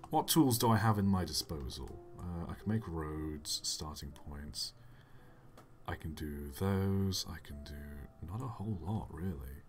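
A British streamer rambles through a game with self-mocking chat. His voice is low and lively in pitch. Faint music and keyboard clicks sit underneath. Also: measured pace. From Britain. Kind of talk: live gaming commentary.

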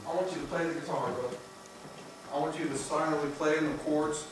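A man preaching a sermon, emphatic, swinging between loud peaks and hushed low passages. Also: steady tone, a little fast, over music. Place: church sanctuary. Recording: echoey church from far off, noisy.

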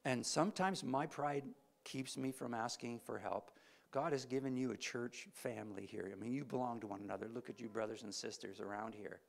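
Gravelly-voiced male preacher. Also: brisk. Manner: animated storytelling, pitch swells on emphasis. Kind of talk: sermon.

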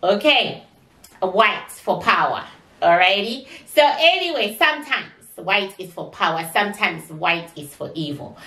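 A woman's voice: medium pitch, bright, forceful tone. A woman giving a spiritual psychic reading in a chatty, repetitive, exclamatory way, recorded from a distance in an echoey room. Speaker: psychic reader.

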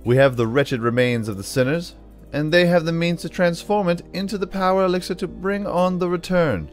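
A man's voice: on the high side, a little fast, soft background music, pitched above the performer's own voice, natural voice. A man reading out a solemn male cult leader's prophecy in a slight put-on British accent.

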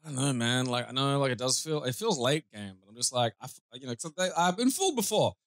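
Speaking quickly in a mid-range voice with no echo, a gameplay channel co-host chats casually over a video game. He's animated, swears freely, and riffs on silly ideas while game music plays.

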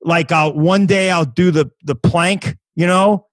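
A man in his fifties with a fairly high voice speaks at a measured pace with fairly even intonation, on a dry, low-quality recording. A comedian guesting on a podcast, he tells a story in casual chat, rambling with many restarts, false starts and acted quotes.

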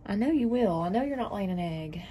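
While doing chores at her chicken coop in the freezing cold, a woman narrates a casual vlog to the camera and talks sweetly to her hens. She speaks a little fast, with a warm, animated, medium-pitched voice. Slight background noise and clucking chickens can be heard.

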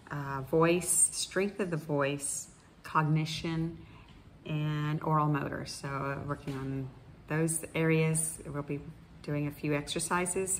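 Middle-aged woman, low pitch, guided voice exercise class, calm and halting. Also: a little hiss or hum. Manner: calm instructional, with many fillers. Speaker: speech therapist. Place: indoors in Costa Rica, wind outside.

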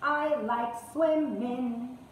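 An English teacher with a high voice runs a children's class, stretching words out slowly and repeating them in a lilting, sing-song manner. She's recorded from a distance in a very echoey room, with a faint hiss beneath.

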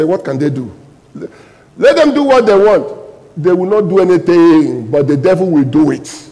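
A man preaching a sermon as pastor, calling out questions to the congregation and bursting into loud emphatic lines. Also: a little high, big-room sound, rough recording.

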